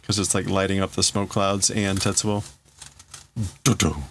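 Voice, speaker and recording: A man's voice: low voice, monotone, normal speed, a bit bright, a little hiss or hum. A man hosting a live stream who reads and translates a comic while thinking aloud, with hesitant restarts. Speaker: livestream host. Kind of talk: casual live reading and translating.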